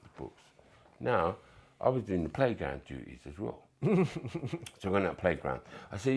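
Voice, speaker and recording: Guy in his 60s telling stories, super low gravelly voice, husky, acts out all the bits. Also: moderate pace. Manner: animated storyteller acting out dialogue, swearing, dropping to whispers. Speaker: podcast guest. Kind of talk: casual storytelling chat.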